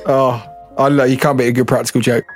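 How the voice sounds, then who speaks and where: A man hosting a casual podcast chat, brisk and cheerful as he asks questions. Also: medium pitch, flat delivery, loud music behind the voice. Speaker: podcast host.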